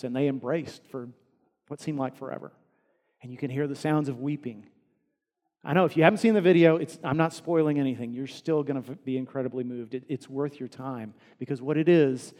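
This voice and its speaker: A man preaching a sermon as pastor, earnest, climbing to emphatic peaks and dropping soft again. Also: fairly high pitch, long reverb tail.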